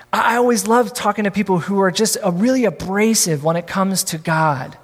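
A man's voice: high voice, a little fast, few pauses, in a large hall. A man preaching a sermon as a pastor, conversational and repeating key lines for emphasis.

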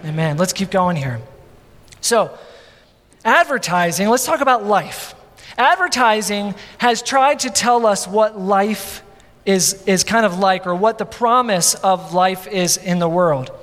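A man in his thirties preaching a sermon as pastor, animated, with many repeats and asides. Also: high voice, measured pace. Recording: long hall reverb.

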